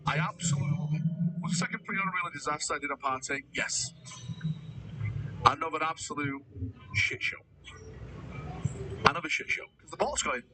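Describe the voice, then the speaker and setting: A man's voice: a little high, brisk, long pauses, recorded from a distance, noisy background. A man chatting casually on a livestream, answering viewers, calling them mate and swearing freely. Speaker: livestreamer reading chat.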